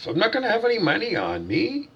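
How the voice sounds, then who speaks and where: A man's voice: high-pitched, huge pitch swings, fast talker, gravelly, husky, dull audio. A man delivering a blunt, profane, preachy vlog rant as a self-styled spiritual teacher, asking himself questions and answering them. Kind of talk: ranting vlog monologue.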